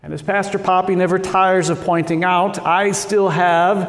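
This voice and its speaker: A Midwestern man from Nebraska, with a slight North Dakota tinge, preaching a sermon as pastor in slow, deliberate phrases with dramatic pauses. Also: high-pitched, steady tone. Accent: Midwestern with a trace of North Dakota. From Nebraska, USA. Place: church sanctuary. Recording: echoey church hall.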